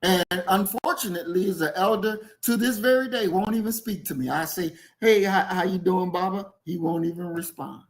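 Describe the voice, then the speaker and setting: A man hosting a casual podcast discussion about a book, speaking bluntly and forcefully and repeating points for emphasis. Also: high voice, normal speed, few pauses, rough recording.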